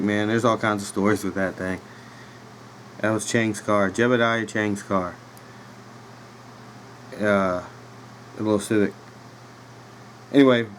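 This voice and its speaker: A man's voice: lowish voice, slight background noise, poor audio. Laid-back rambling Virginia man. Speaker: podcast host. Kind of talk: casual storytelling. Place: home room with a dog nearby.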